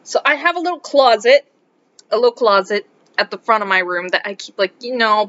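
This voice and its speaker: A woman who teaches high school English, from South America, telling a story in a casual vlog, animated and exasperated, dropping to muttered asides. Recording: dull lo-fi recording.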